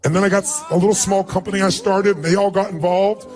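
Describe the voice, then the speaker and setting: A man's voice: high voice, fairly even intonation, quick pace, soft background music. A man giving a motivational speech, telling a personal story to an audience and acting out dialogue with emphasis. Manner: emphatic, acts out dialogue in a raised voice. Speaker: motivational speaker.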